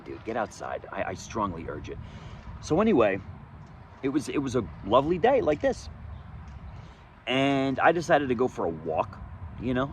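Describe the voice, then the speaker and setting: A man telling his own story in a candid, profane monologue outdoors, swinging between loud emphasis and low muttering. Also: a little hiss or hum. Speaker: vlogger sharing his recovery story. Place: outdoors, sunny day.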